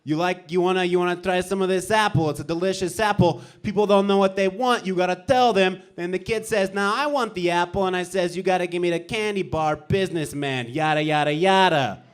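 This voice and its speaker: A man's voice: high voice, brisk, few pauses, clean tone, close to an everyday voice. A man in a stand-up battle playing a cocky small-time criminal who brags with swaggering gangster-style patter and catchphrases, on a club stage with a handheld mic. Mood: boastful. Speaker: stand-up comedian. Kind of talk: stand-up comedy battle set.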